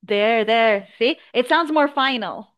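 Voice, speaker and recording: Woman coaching IELTS speaking, slightly high voice. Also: muffled recording. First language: English. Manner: encouraging, explains slowly with examples. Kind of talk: online speaking lesson feedback.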